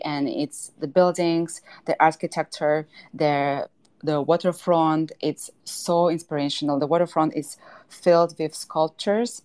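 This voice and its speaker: Low-voiced woman telling a personal story. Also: a little mellow, clear, resonant tone. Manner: emotional storytelling, fillers and restarts. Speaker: guest artist. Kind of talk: personal story in a podcast interview.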